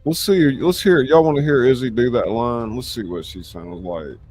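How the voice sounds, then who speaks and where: A man's voice: medium pitch, normal speed, a little mellow, soft background music. A man hosting and narrating a radio-play reading, chatting casually and rambling with lots of fillers. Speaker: host and narrator. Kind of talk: casual chat and script narration.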